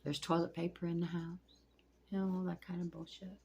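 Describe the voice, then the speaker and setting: A woman's voice: on the low side, little pitch movement, fairly quick, vocal fry, warm tone, dull audio, a little hiss or hum. A middle-aged woman venting at home in a casual vlog, blunt and profane, rambling from one gripe to the next. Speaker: vlogger. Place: at home among pet turtles.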